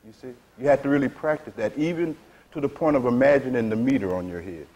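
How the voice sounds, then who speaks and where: A man's voice: mid-range voice, fast, a little mellow. A man teaching a sermon to a seated audience, speaking frankly in vernacular phrasing and repeatedly asking "you see?". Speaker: spiritual teacher.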